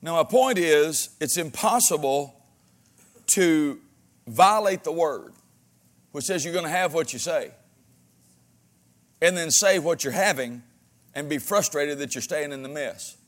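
Speaking a little slowly and pausing often, a pastor preaches with a fairly high, expressive voice. His sermon carries folksy humor and plenty of amens, alternating between loud urging and hushed side remarks.

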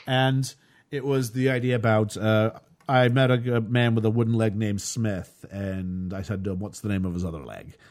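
A man's voice: on the low side, steady tone, normal speed, a little mellow. A man hosting a casual chat about a film, sarcastic and mock-outraged, often acting out the lines he quotes. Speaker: podcast host reviewing a film.

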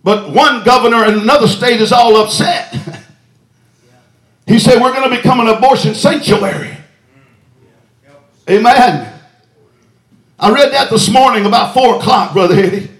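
A man preaching a revival in a church, his voice pitched very high for a man. He shouts with fervor and fills the gaps with "uh" and "hallelujah," and the sanctuary rings with echo around him. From Texas. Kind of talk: revival sermon.

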